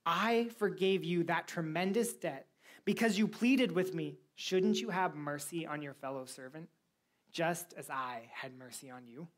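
A woman's voice: low-pitched, unhurried. Woman doing a stern angry king. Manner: stern and rebuking. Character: angry male king rebuking a servant.

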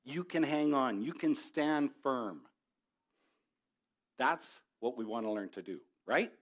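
A man's voice: medium pitch, takes it slowly. Middle-aged male pastor, sermon delivery, conversational with passionate peaks. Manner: conversational, rising to passionate exhortation.

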